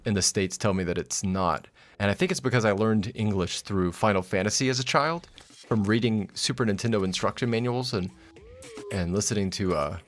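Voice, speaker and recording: A man with a slight Southern US accent streaming a game, rambling casually, laughing often and swearing freely. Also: on the low side. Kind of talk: casual live-stream commentary.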